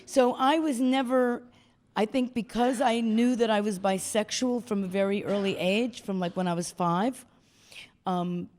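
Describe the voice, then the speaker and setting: Older woman telling lively stories. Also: a little high. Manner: animated storyteller acting out quoted voices. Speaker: guest speaker. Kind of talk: storytelling talk. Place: stage talk before an audience.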